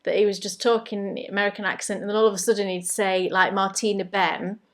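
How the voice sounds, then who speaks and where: A woman's voice: medium pitch, flat delivery, quick pace. An English woman hosting a knitting podcast, chatting in a rambling, good-humoured way. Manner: chatty and rambling, often laughing at herself. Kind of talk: casual chat.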